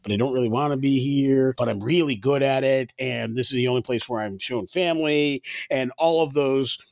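A man's voice: mid-range voice, a little fast, gravelly, dry recording. A man hosting a podcast who asks long, rambling questions in a casual chat. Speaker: podcast host. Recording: slightly dull dry sound.

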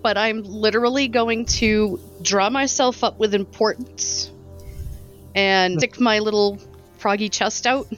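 A woman's voice: mid-range voice, a little slow, a bit bright, faint music behind. A woman playing in a tabletop game, casually and playfully explaining her character. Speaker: tabletop player. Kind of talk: casual chat.

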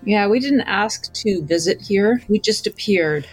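Woman with a dry, deadpan delivery. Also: medium pitch, a little slow, slightly rough, soft background music, poor audio. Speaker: player. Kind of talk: playing a character in a tabletop game.

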